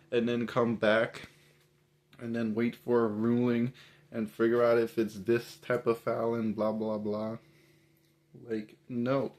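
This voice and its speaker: Man, mid-pitched, casual and exasperated ranting commentary, emphatic rhetorical questions. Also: a little mellow. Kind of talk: casual opinion rant.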